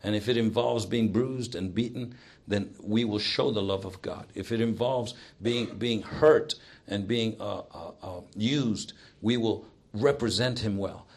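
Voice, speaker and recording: A man preaching a sermon, swinging from emphatic exhortation to hushed, prayerful passages. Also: lowish voice, a little slow.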